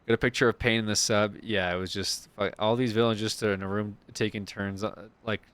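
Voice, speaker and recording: A man's voice: lowish voice, steady tone, a little fast, a bit bright, clean tone. A young man, a streamer, chatting casually in a rambling way, swearing freely. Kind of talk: casual chat.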